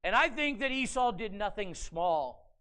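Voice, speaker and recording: A male pastor preaching a sermon as an animated storyteller, dramatizing scripture with rhetorical questions to the congregation. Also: high voice, measured pace. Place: church sanctuary.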